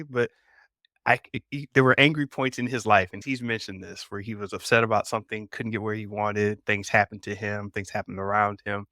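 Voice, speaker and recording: Bright-voiced man telling podcast stories. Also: lowish voice, no room sound, clean studio sound. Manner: animated storytelling with voiced quotes. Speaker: podcast host. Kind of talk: casual podcast chat.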